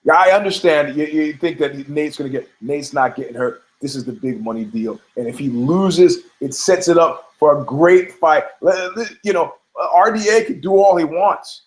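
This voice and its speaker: A man's voice: on the high side, normal speed, few pauses. Brash, profane man talking sports. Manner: brash, profane, rambling with restarts. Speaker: podcast host. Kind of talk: casual opinionated commentary.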